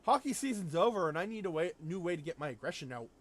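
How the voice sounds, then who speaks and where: A man's voice: high-pitched, big pitch swings, fast. A man voicing a cheery but aggressive Canadian man itching for a fight. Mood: eager.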